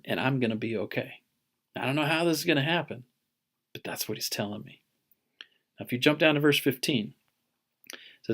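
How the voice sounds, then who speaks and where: A middle-aged man teaching a religion class, telling a personal story in an earnest, halting way with many restarts. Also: fairly low pitch.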